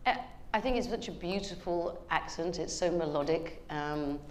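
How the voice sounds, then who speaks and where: A woman's voice: lowish voice, moderate pace, a little hiss or hum. A woman with a British accent, an actress guest talking in a remote live TV interview, hesitant with many ums. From England and Ireland. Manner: hesitant with many ums, hearing audio feedback. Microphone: remote earpiece link.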